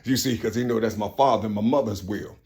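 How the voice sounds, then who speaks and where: A man's voice: on the low side, quick pace, darkish tone. A man talking in a rambling, profane spoken monologue full of street slang, slipping into voices of the people he describes.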